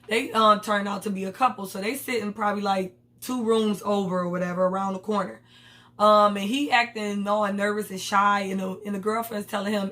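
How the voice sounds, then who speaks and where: A woman's voice: medium pitch, fairly bright tone. Blunt, slangy woman recapping an episode. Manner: blunt, slangy and profane, acting out the characters' lines. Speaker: TV episode reviewer.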